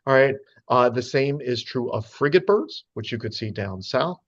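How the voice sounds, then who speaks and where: A man's voice: medium pitch, animated, normal speed, fairly bright tone, highs cut off. Chatty man lecturing on birds. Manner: chatty, many fillers, playful asides. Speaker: speaker giving a talk to birders. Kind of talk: casual lecture with slides.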